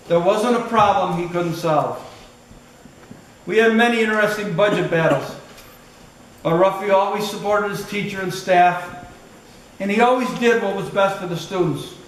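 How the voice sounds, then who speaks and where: An older man giving a funeral eulogy as a former school colleague, telling fond stories. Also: high-pitched. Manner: storytelling, fond, chuckling. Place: large hall at a funeral service. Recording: echoey hall, distant mic, noisy.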